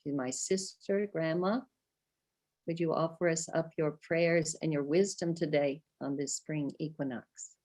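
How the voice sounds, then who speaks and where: An older woman from the USA hosting a ceremony, speaking a slow, reverent spoken prayer and invocation. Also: low-pitched, fairly even intonation, darkish tone. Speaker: ceremony host.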